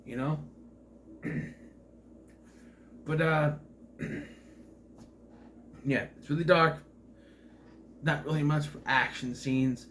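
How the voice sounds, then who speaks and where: A man's voice: on the high side, fairly even intonation, takes it slowly, pauses often, fairly bright tone, a little hiss or hum. A man talking through a movie review in a casual vlog, rambling, sarcastic and exasperated.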